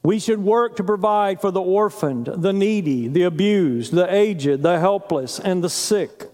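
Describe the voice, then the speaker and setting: A male pastor preaching a sermon earnestly, pausing for emphasis. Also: high voice, animated, darkish tone, big-room sound.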